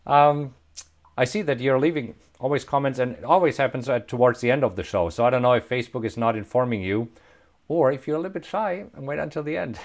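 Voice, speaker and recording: A man with a German accent hosting a live stream, reading viewer comments in an upbeat, chatty way with frequent chuckles. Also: mid-range voice. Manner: upbeat, chuckles often, many filler uhs. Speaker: host.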